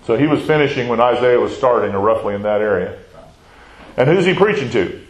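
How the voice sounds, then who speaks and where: A man's voice: medium pitch, lively intonation, a little fast. Man teaching a Bible class in an echoey room. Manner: conversational, quizzes the class with questions and tags "right?". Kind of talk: Bible study lesson with scripture reading.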